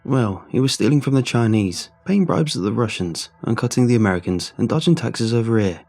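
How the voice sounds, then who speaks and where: A man voicing Ted, a gruff middle-aged mover who gossips bluntly and ominously. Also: mid-range voice, expressive, brisk, darkish tone. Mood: gossiping.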